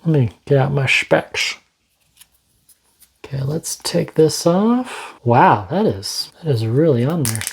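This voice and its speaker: A man's voice: medium pitch, animated, slow pace, vocal fry, slightly rough. A man reviewing gadgets in a casual unboxing vlog from his studio, chatty and joking, thinking aloud as he goes. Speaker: tech reviewer. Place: home studio.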